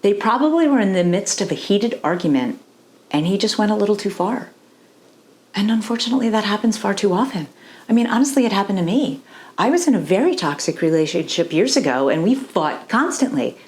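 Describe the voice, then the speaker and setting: Woman, relationship coach, direct-to-camera vlog; earnest, confiding, keeps checking in with the viewer; mid-pitched voice. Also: expressive, fairly quick. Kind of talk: candid personal talk to camera.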